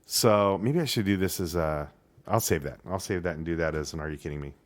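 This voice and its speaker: A man co-hosting a casual sports talk podcast, talking in a halting way, full of "uh" and "I mean", and getting worked up over his opinions. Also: low voice. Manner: animated, halting, with many fillers and restarts. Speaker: podcast co-host.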